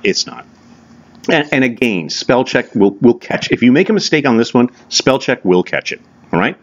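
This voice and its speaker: A man gives a recorded college English lecture in a low voice that moves up and down a lot. He talks casually and keeps checking in with his listeners with short questions. The recording is dull and lo-fi. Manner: conversational, many fillers and tag questions.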